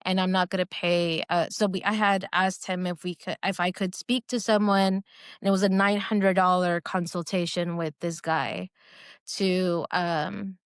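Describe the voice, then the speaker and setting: A woman's voice: on the low side, little pitch movement, measured pace, clean tone, no echo, clean studio sound. A woman telling a personal testimony in a hesitant, emotional way, with many fillers and restarts. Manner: emotional, earnest. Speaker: guest sharing a personal faith testimony. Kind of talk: casual personal storytelling.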